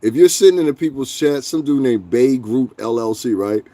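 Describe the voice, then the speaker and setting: Man, livestream host, dark mellow voice, blunt, profane, animated rant. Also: mid-range voice, moderate pace. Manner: profane, blunt, animated, talks back to chat. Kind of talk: casual ranting livestream chat.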